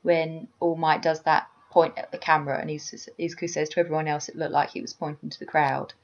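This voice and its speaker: A woman co-hosting a podcast, chatting in a relaxed way with wry asides. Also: sits low, a little fast, dull audio. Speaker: podcast co-host. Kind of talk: casual anime discussion.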